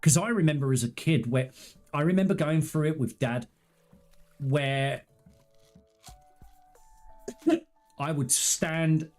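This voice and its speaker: A man's voice: a little high, slow pace, pauses often, darkish tone, soft background music. Candid man streaming casually. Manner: candid, rambling, earnest storytelling. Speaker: gaming streamer. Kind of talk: casual live-stream chat.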